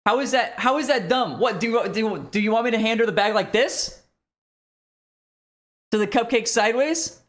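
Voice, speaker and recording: A man's voice: sits high, moderate pace, long pauses, a bit bright. A male streamer telling an exasperated story in casual chat.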